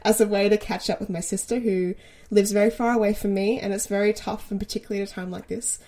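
A woman's voice: mid-range voice, steady tone, fast talker, mellow. A woman co-hosting a podcast, speaking earnestly in casual chat, laughing often and swearing now and then. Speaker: podcast co-host.

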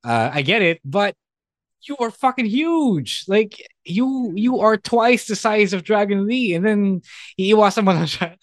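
Man in a lively podcast chat. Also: high-pitched, normal speed, no room sound, studio quality. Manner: mixes English and Tagalog, animated and laughing. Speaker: podcast co-host. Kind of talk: casual chat.

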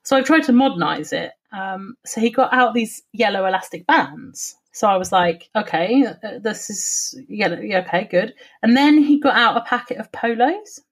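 A woman telling an animated story in casual chat, swearing and laughing as she goes. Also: mid-range voice, moderate pace, few pauses, slightly rough.

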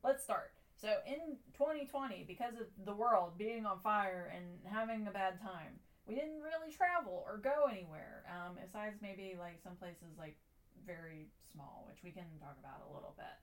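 A young woman co-hosting a podcast, chatting in a relaxed way with many filler words. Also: mid-range voice, normal speed. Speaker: podcast co-host. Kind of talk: casual chat.

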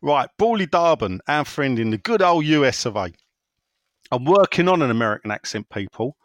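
A man's voice: mid-range voice, sing-song, moderate pace, fairly bright tone, no room sound. A man chats on a podcast. His voice swings up and down as he jokes and rambles through listener messages. The sound is dry and close. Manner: jokey, rambling, reads listener messages with banter. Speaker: podcast host. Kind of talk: casual podcast chat.

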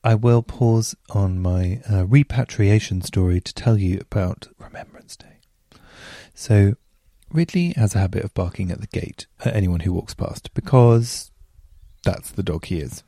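Male podcast host, lowish mellow voice, chatty storyteller given to self-mocking rhetorical questions. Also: a little slow, dry recording, studio quality.

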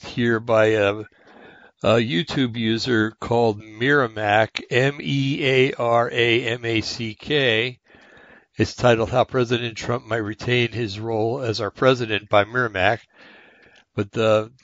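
Older guy with a ragged raspy voice, lots of ums, kinda muffled dry recording. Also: mid-range voice, fairly bright tone, no echo. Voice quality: raspy, haggard voice. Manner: slow, halting, many fillers and restarts. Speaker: radio show host. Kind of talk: casual talk and reading aloud.

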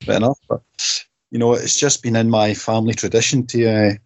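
A man's voice: fairly low pitch, steady tone, fairly quick, darkish tone, no echo, lo-fi sound. Glaswegian man, hesitant guest. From Glasgow. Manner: hesitant, many uhs. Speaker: podcast guest. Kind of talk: casual chat.

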